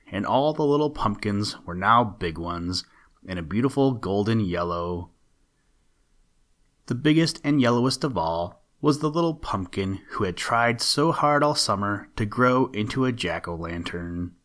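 A man reading a children's story aloud in a gentle, measured way. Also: on the low side.

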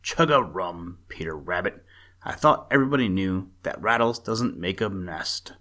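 A man's voice: deep voice, expressive, moderate pace, sharp tone. A man reading a wry old frog. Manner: teasing, matter-of-fact. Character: old male frog, grinning and knowing.

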